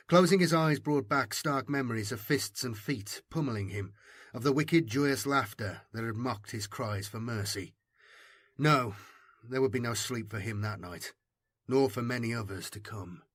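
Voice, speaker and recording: Here a male narrator reads an audiobook at a steady, measured pace in a medium-pitched voice. The recording is dry and sounds clean, like a studio.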